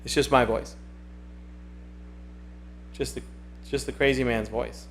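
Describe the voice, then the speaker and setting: A man's voice: mid-range voice, fairly even intonation, slow pace, vocal fry, fairly bright tone, a little hiss or hum. A man hosting a casual livestream, chatting and reading viewer comments aloud in a rambling way that often repeats itself. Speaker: livestream host.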